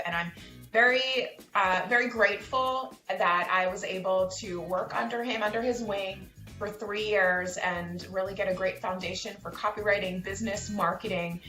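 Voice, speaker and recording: A woman copywriter guest in an interview, speaking in a mellow, slow, calm way. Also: medium pitch. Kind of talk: interview advice. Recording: roomy sound with music.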